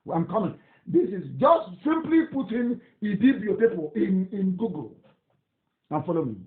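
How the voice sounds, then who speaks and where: A man's voice: high-pitched, animated, moderate pace. A man with a Nigerian accent giving an impassioned broadcast, fiery and scornful, repeating himself and laughing derisively. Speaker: political activist broadcaster. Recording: tinny phone-like line.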